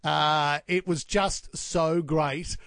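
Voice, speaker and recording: Aussie bloke cohosting radio, chummy upbeat, a bit higher voice, dry close mic. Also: male voice, steady tone, extremely slow, gravelly, fairly bright tone, no room sound. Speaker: radio co-host. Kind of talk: casual radio chat.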